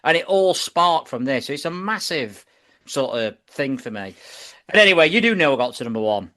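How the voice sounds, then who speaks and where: A man, hosting a casual podcast chat, animated and swearing freely. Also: on the high side, moderate pace. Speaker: podcast host.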